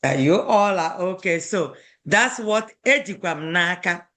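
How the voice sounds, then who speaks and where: A woman's voice: on the low side, lively intonation, a little slow, a bit bright. A woman teaching a language class, patiently correcting students' pronunciation and modeling words with emphasis.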